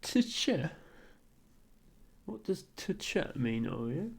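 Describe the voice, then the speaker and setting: Slow, dry-humoured streamer. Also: male voice, fairly high pitch, big pitch swings, gravelly, breathy edge. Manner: dry, amused, muses aloud with frequent ums and soft chuckles. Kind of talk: casual stream chat while playing a word game.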